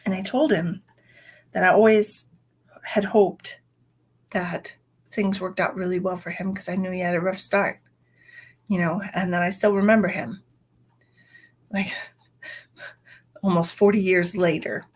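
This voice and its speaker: Woman, 40s, psychic medium on a livestream; husky, chatty, casual storyteller. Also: on the low side, fairly even intonation, measured pace, long pauses. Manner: chatty, fills with "you know".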